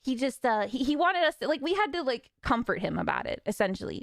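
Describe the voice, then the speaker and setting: A young woman streamer ranting casually, frustrated and swearing with nervous laughs, her voice a little raspy from talking. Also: on the high side, very animated, fast talker, dry recording, studio quality.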